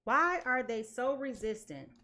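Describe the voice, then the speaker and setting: A woman's voice: on the high side, expressive, measured pace, sharp tone. A woman giving a live tarot reading in a blunt, emphatic way, repeating her points. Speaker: tarot reader.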